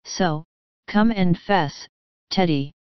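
A woman reading aloud, voicing a lively, warm-hearted young woman who teases an old friend in a brisk, affectionate way. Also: lowish voice, clean tone, dry recording, muffled recording. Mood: teasing.

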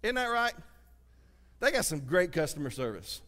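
A man with a Southern US accent preaching a sermon as pastor, swinging from loud exclamations to hushed asides. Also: a little high, very animated, moderate pace. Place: church sanctuary. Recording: reverberant church sanctuary.

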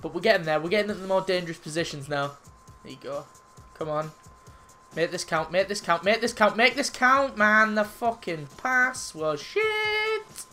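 A man's voice: sits high, big pitch swings, normal speed, sharp tone, soft background music. A man commentating live on his own football video game, emotional and swearing heavily when frustrated. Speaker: gaming YouTuber.

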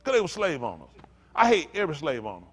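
Man preaching, fiery then weary, higher voice, sermon rant. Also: huge pitch swings, quick pace, breathy edge. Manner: swings between shouting outrage and weary low muttering. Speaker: pastor.

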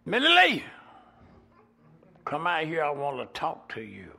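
A man voicing a brash country man who hollers loudly and demands a woman come outside. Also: fairly high pitch, expressive, moderate pace, vocal fry, heavily acted. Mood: demanding. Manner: loud, demanding shouting.

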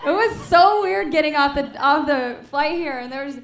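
A woman's voice: sits high, expressive, moderate pace, a little hiss or hum. A woman from Chicago performing a stand-up comedy set in a comedy club, teasing the audience. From Chicago, USA. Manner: crowd work, teasing the audience. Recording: roomy club recording.

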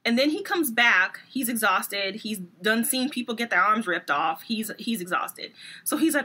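A woman's voice: on the high side, lively intonation, normal speed, pushed and bright. A woman co-hosting a casual book review podcast, acting out characters mockingly and laughing often.

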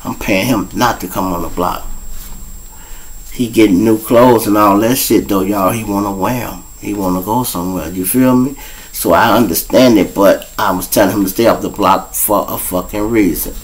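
A man around fifty with a Chicago accent, hosting his own show and telling a raw street story to his listeners, profane and blunt, breaking into loud acted-out voices. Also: fairly low pitch, normal speed, poor audio. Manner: profane, blunt, addresses listeners directly, acts out voices loudly. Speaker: show host.

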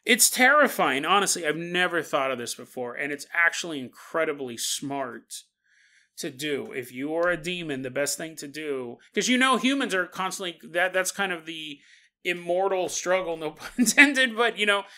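A man hosting a podcast, telling a spooky story in a casual, animated way and often laughing at his own jokes. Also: on the high side, normal speed. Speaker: podcast host.

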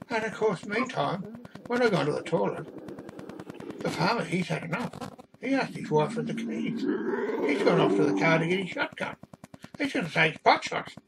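A man's voice: high voice, animated, moderate pace, creaky, pauses often, noisy background. A man telling a rambling comic story, exasperated and meandering. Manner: meandering, exasperated, doing the other people's voices.

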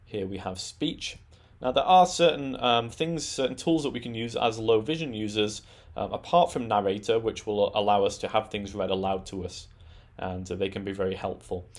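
A man presenting a tech tutorial, talking through settings in a relaxed, explanatory way with frequent "um" and "uh". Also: on the low side, normal speed. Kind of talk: screen-recorded software walkthrough.

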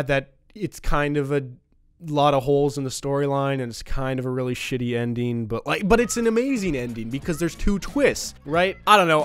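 A man's voice: medium pitch, a bit bright, smooth. A young man doing a comedic movie review vlog, mock-enthusiastic and sarcastic, swearing freely. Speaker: YouTuber. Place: room at home.

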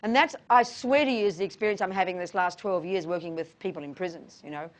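Speaking fast in a fairly low voice, a middle-aged woman answers questions in a casual dharma talk. As a Buddhist teacher she is blunt and emphatic, addressing people as "darling" and "honey."

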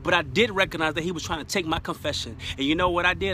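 Bright-voiced man preaching fervently. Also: fairly high pitch, fast talker, slight background noise. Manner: fervent, rising to shouted praise. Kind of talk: live-streamed motivational preaching.

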